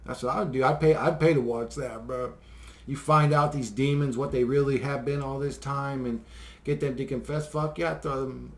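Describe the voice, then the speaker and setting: A man's voice: medium pitch, steady tone, moderate pace. A man vlogging a rambling, profane conspiracy rant to his viewers, swearing constantly and chuckling between points.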